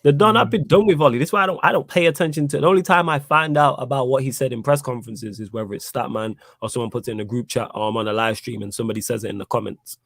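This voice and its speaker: A young Manchester man chats loosely and quickly on a stream, dropping slang and shout-outs to viewers. His voice sits at an average pitch, recorded close and dry with little room sound. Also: no room sound. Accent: South East Manchester. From England. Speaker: co-host. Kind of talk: casual live-stream chat.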